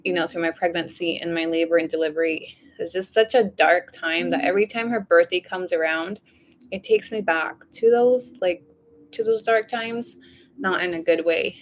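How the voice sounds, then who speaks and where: Speaking at a normal pace, a weary woman vlogger rambles through a casual diary entry full of fillers. She's openly emotional, confiding how she feels with little energy.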